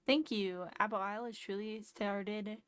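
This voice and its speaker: A woman's voice: mid-range voice, fairly even intonation, unhurried, clean tone, lightly acted. Woman reading as Tom Nook, courteous raccoon. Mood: formal.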